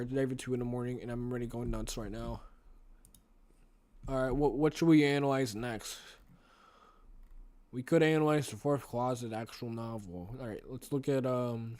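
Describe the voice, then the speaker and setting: A man's voice: medium pitch, a little mellow. A young man chatting casually and reading a novel aloud. He rambles, restarts his sentences and talks to himself.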